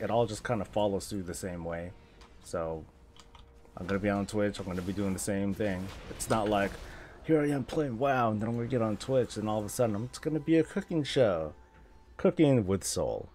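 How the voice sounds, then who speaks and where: A man with a fairly low voice rambles through casual chat while he plays a game on stream. He jokes and laughs often as he talks into his desk mic. Faint ambient noise sits under his voice. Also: a little mellow.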